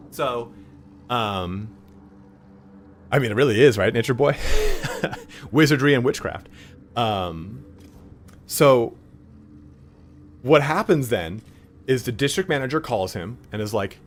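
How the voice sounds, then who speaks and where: A man's voice: mid-range voice, lively intonation, a little slow, pauses often. A man streaming a game, telling profane, rambling anecdotes and acting out the voices in them. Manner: acts out voices in his stories. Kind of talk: casual chat while gaming.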